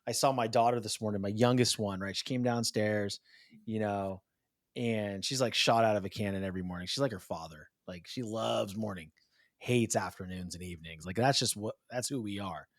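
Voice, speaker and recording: A man in his thirties hosting a podcast, animated and chatty in casual conversation, calling his guest "dude". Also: lowish voice, moderate pace, dry recording, clean studio sound. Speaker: podcast host.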